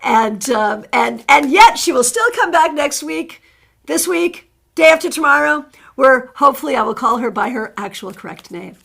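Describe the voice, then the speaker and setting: With a high, gravelly voice full of animation, a middle-aged woman chats at a normal speed on her live tarot stream. She greets viewers by name and reads cards for them in a warm way.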